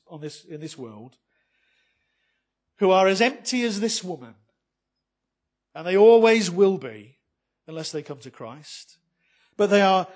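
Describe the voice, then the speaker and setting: High-voiced preacher, loud then hushed. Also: male voice. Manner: swells loud then drops very soft, rhetorical questions. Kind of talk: sermon.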